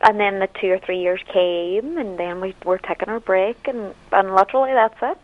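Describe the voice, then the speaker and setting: A young woman with a Northern Irish Derry accent answers questions on a radio show in a chatty, wry way. Her voice sits at a middling pitch. It comes through a dull, slightly muffled phone line. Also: moderate pace. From Northern Ireland. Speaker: pop singer guest. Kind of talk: casual radio interview.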